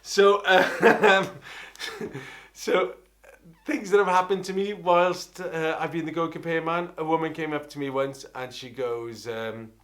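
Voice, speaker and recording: A middle-aged Welsh man, an opera singer, telling an animated, rambling story and often interrupting himself. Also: a little high, measured pace. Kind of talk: anecdotal storytelling.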